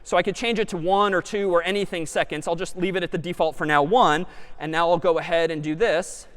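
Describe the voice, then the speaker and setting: Lively guy lecturing with a high bouncy voice, echo of a big hall. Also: fairly quick, a little hiss or hum. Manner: lively and animated, thinking aloud. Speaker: computer science lecturer. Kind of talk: live lecture with demo. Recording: lecture hall with long reverb.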